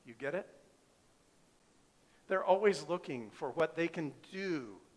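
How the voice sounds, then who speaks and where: Man preaching with a slightly high voice. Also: expressive, takes it slowly, darkish tone. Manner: emphatic, asks the congregation rhetorical questions. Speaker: pastor. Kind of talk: sermon.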